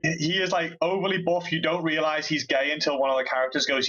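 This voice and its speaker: A man's voice: fairly high pitch, quick pace, sharp tone, dull audio. A man chatting bluntly with crude jokes as a panelist on a casual podcast. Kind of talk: casual chat.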